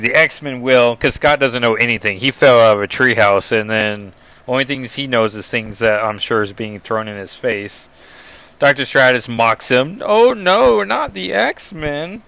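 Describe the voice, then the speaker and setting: A man with a smooth, medium-pitched voice casually recaps a comic book issue. He rambles with plenty of ums and asides, reading the captions and dialogue aloud in a flat, summarizing tone.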